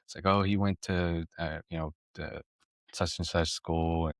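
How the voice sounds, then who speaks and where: Co-hosting a parenting podcast, a man shares a personal story in a casual, rambling way, restarting often and growing reflective. His voice is low, with a steady tone at normal speed, captured in a dry, studio-quality recording.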